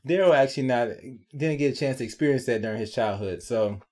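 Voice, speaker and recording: A man giving a casual, sarcastic recap and review of a TV episode, chatty and animated, tagging his points with quick check-ins to the viewer. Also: medium pitch. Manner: chatty, animated, sarcastic asides with frequent tag questions.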